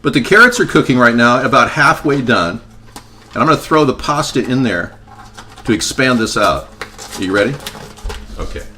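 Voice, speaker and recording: A man giving a casual home cooking demonstration, chatty and tossing in deadpan joking asides as he works at the stove. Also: mid-range voice, moderate pace, pauses often, a little hiss or hum. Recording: kitchen clatter of pots and pans behind.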